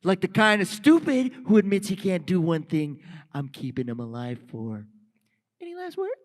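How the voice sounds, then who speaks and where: A man's voice: sits high, sing-song, normal speed. Deadpool, a man playing a sarcastic antihero. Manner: crude, sarcastic, swearing. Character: wisecracking male antihero mercenary, crude and sarcastic. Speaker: voice actor reading Deadpool. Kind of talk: live comedic table read. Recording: live convention panel, reverberant hall.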